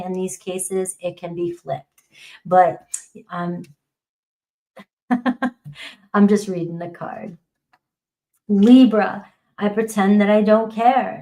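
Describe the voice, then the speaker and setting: A woman's voice: mid-range voice, a little mellow, poor audio. A woman giving a casual tarot reading to camera, chatty and laughing often. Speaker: tarot reader.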